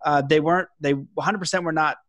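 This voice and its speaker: Podcast host, male, excitable and rambling, dry close sound. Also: fairly high pitch, fairly quick, no room sound. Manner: rambling, enthusiastic, many fillers and restarts. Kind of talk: casual interview chat.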